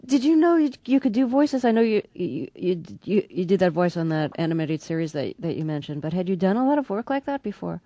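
A woman's voice: lowish voice, sing-song, a little fast, few pauses, dark tone, dry recording, dull audio. A woman interviewing a guest, asking thoughtful questions and rephrasing them as she goes.

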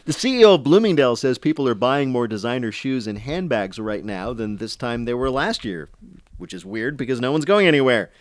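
A man's voice: mid-range voice, animated, brisk, no room sound. A man hosting a comedy quiz show, joking wryly and laughing often. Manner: wry, quips, laughs often. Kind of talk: joking radio banter.

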